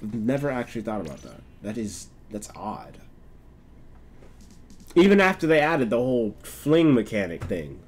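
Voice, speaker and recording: A young man giving casual live commentary over a game, voice swinging all over the place in pitch. He laughs, curses freely and jumps from mumbling asides to loud yelps. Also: moderate pace, breathy edge. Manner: swears a lot, laughs, excitable outbursts. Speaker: streamer.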